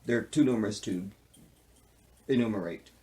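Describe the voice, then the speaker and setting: A man giving a casual, joking recap of a TV episode. He is animated and keeps asking "see what I'm saying". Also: lowish voice, normal speed. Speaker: TV show reviewer.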